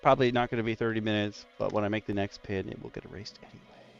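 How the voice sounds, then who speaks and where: A man hosting a casual roundtable stream, telling stories with lively jumps in his voice. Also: on the low side, rapid-fire, creaky, clean tone, highs cut off, faint music behind. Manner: animated storyteller, voice jumps up in punchlines. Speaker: stream host, dungeon master.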